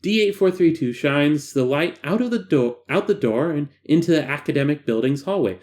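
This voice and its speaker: A man reading a horror document aloud as host, breaking off for chatty, self-deprecating asides. His voice sits fairly high for a man. It swings widely and animatedly in pitch. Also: lively intonation, moderate pace, a little mellow.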